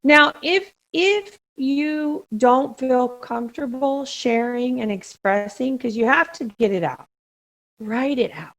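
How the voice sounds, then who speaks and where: A middle-aged woman co-hosting a podcast, talking through grief in an earnest, gently emphatic way and repeating her key phrases. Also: high voice, lively intonation, slow pace. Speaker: podcast co-host. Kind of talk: reflective conversation about grief.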